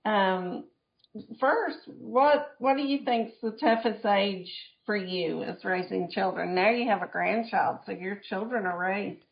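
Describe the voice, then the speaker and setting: Gravelly-voiced woman co-host asking questions. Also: medium pitch, unhurried. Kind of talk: casual chat. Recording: dull lo-fi sound.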